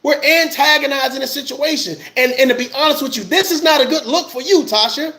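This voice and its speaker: A man's voice: very high voice, quick pace, sharp tone. A man, an army veteran, giving heated livestream commentary, ranting with passion and repeating his phrases.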